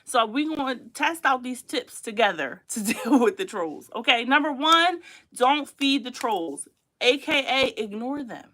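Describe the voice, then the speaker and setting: A chatty young woman, hosting a casual livestream. She speaks emphatically, repeats her points and laughs often. Her voice sits a little high and sounds bright and forceful. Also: lively intonation, measured pace. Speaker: livestream host.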